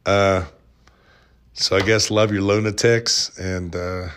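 A man's voice: deep voice, little pitch movement, slow pace, a bit bright. A man hosting a podcast, telling stories in a rambling, jokey, self-deprecating way. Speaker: podcast host. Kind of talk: casual storytelling monologue.

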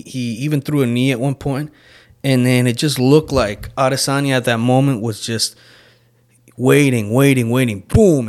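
A man hosting a podcast, recapping a fight in a casual, excitable way, swearing often and trailing off into restarts. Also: mid-range voice. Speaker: podcast host.

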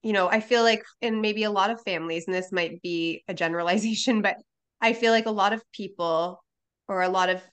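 A woman in her thirties hosts a podcast conversation. She talks chattily and candidly, with plenty of "you know" and "like". Her voice has a medium pitch. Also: a little fast, a bit bright, clean tone. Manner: chatty, candid, many fillers. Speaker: podcast host.

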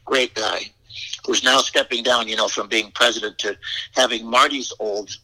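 An older man appears as an interview guest, telling a rambling personal anecdote with repeated words and frank asides. His mid-range voice is steady, pushed and bright, at a moderate pace, and the audio is poor.

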